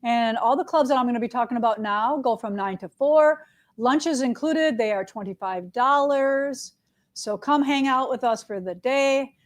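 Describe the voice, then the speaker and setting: A woman's voice: fairly high pitch, normal speed. Chatty, upbeat woman shop host. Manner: chatty and upbeat, lots of "all right" and "right?". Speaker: quilt shop owner hosting a live show. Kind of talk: casual live-stream chat with announcements.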